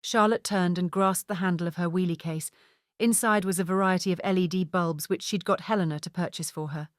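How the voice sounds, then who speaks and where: A woman narrates a book in a somewhat low, measured voice. The sound is dry and close, with no room around it. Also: fairly even intonation, dry recording. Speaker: audiobook narrator. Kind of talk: scripted narration.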